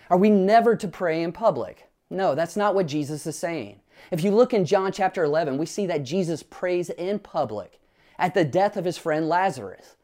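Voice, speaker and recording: A man's voice: sits high, a little mellow. Earnest man preaching a sermon. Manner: earnest preaching with frequent rhetorical questions; illustrates points with personal family stories. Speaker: pastor.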